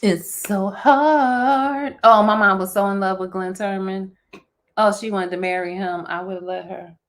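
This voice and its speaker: A woman with a Philadelphia accent co-hosting a live chat show, talking in an animated, emotional way and breaking into song now and then. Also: medium pitch, moderate pace. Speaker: podcast co-host.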